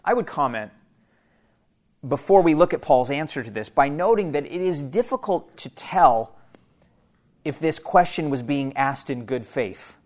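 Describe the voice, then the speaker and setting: A man preaching through a scripture passage in an earnest, emphatic way, his voice sitting a bit higher than most men's. He repeats his key phrases to press each point home. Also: lively intonation, measured pace. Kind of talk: expository sermon.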